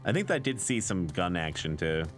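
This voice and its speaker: A man's voice: low voice, big pitch swings, moderate pace, soft background music. A man streaming a video game, chatting in a laid-back, joking way. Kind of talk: casual gameplay commentary.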